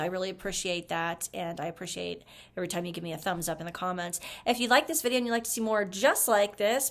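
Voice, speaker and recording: A woman chatting casually through a makeup review, gushing as she applies products. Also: fairly low pitch. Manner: chatty, gushing, talks while applying makeup. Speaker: beauty vlogger.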